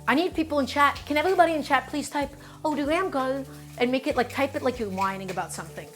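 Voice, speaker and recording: A woman hosts a live cooking stream in a slightly high voice, chatty and emphatic as she explains each step. A pan sizzles beside her while faint music plays underneath. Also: rapid-fire. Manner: emphatic, chatty, talks to chat.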